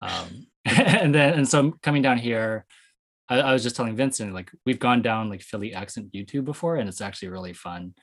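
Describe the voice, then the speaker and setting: A man's voice: medium pitch, lively intonation, a little fast. A man from the US West Coast hosting a casual discussion, rambling with many fillers and restarts.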